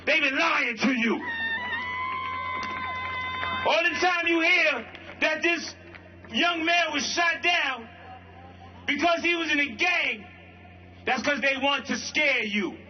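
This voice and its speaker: A man from Brooklyn giving a protest rally speech, shouting call-and-response lines in street slang. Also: very high voice, slow, pauses often. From Brooklyn, New York. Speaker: rally speaker, violence-prevention worker. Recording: lo-fi livestream with crowd. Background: faint crowd.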